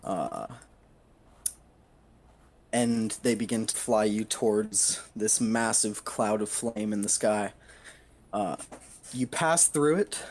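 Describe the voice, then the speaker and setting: A man narrating as game master, halting with fillers and laughing often. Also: fairly low pitch.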